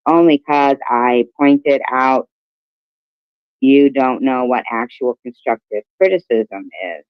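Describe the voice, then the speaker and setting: A man's voice: mid-range voice, slow, clean tone, no room sound. A man co-hosting a livestream, reading viewer comments aloud in a mocking way. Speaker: livestream co-host reading chat. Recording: slightly muffled stream audio.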